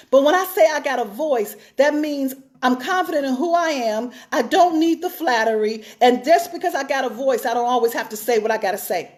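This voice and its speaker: High-voiced woman preaching with emphasis. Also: a little mellow. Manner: emphatic, repeats phrases for stress. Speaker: pastor. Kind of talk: sermon-style teaching talk.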